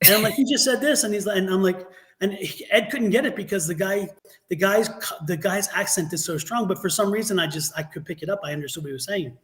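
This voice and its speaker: A high-voiced man chatting fast on a casual tarot livestream. He tells stories, slips into put-on voices and laughs often as he talks. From West Virginia family, East Coast. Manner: animated storyteller, quick talker who puts on Southern voices and laughs often. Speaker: tarot reader co-host.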